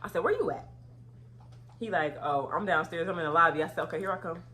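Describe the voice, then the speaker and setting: Young woman, casual storytime vlog, lowish voice, breaks into loud outraged retellings. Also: quick pace, slight background noise. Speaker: vlogger.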